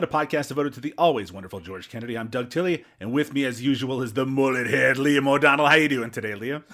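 A man's voice: medium pitch, quick pace, few pauses, fairly bright tone, soft background music. A man hosting a podcast, chatting casually and playfully and laughing often. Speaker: podcast host.

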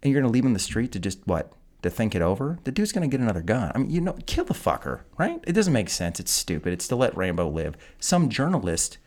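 A man's voice: mid-range voice, sing-song, fast talker, hardly any pauses, darkish tone. A man hosting a podcast, recapping a film in a casual, profane and incredulous rant. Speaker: podcast host. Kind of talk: casual film review chat.

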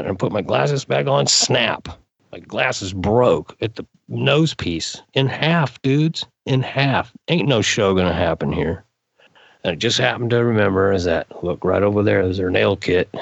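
A man guest on a podcast, casually telling animated stories with laid-back slang. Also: on the low side, vocal fry, no room sound, lo-fi sound. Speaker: podcast guest, frisbee freestyler. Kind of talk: casual storytelling.

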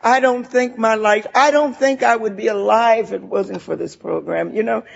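A woman's voice: on the high side, moderate pace, gravelly, breathy edge, highs cut off. An older woman giving a heartfelt, laughing personal share at a recovery meeting, full of "you know" asides.

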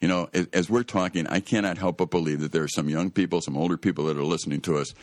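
A deep-voiced man talks fast in a steady tone, recorded with studio clarity and no echo. He hosts a Christian radio talk show, telling a Bible story earnestly and emphatically, often rising to an exclamation.

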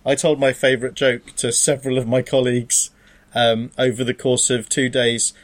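A man's voice: medium pitch, flat delivery, normal speed. A man, co-hosting a podcast and telling a long joke in a rambling way, breaking off and restarting often. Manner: rambling, self-interrupting storyteller with stray laughs. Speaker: podcast co-host. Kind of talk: casual chat, joke telling.

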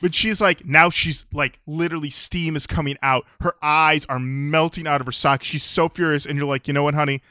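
A man co-hosting a comedy podcast, riffing in a playful mock sales pitch and acting out little scenes. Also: fairly even intonation, normal speed, few pauses, sharp tone, dry recording, clean studio sound. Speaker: podcast co-host.

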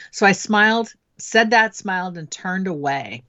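A woman's voice: mid-range voice, expressive, unhurried, hardly any pauses, bright, forceful tone, no room sound, dull audio. A middle-aged woman speaking as a guest in a podcast interview, frank and reflective as she tells stories from her own parenting.

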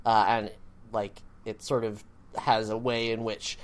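A man's voice: on the low side, flat delivery, unhurried, clean tone. A man co-hosting a podcast, chatting casually in a rambling, self-deprecating way with plenty of fillers. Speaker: podcast co-host. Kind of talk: casual chat.

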